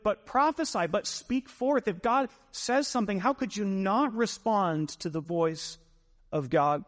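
A man's voice: high voice, big-room sound. A man preaching a sermon as a pastor, emphatic, repeating phrases for weight.

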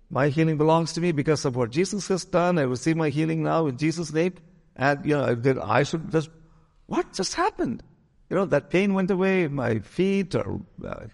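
A man's voice: on the high side, a little mellow, in a large hall. A pastor telling a story in a sermon, acting out the voices of the people he quotes.

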